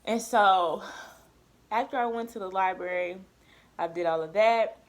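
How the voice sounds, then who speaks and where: Young woman vlogger, emphatic casual storytime, mid-pitched voice. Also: measured pace. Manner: emphatic, lively retelling with quoted dialogue.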